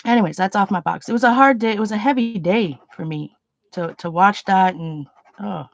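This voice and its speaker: A woman's voice: medium pitch, normal speed, vocal fry, no echo. A woman hosting a casual livestream from home, talking in an earnest, rambling, chatty way. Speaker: art channel host. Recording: dull lo-fi sound.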